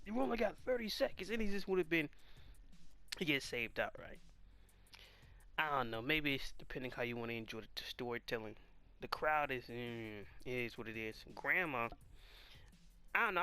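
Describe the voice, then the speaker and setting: A man's voice: mid-range voice, lively intonation, normal speed, long pauses, pushed and bright, smooth. A man giving casual commentary on a comic chapter, exasperated and firing off rhetorical questions. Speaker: manga reaction host.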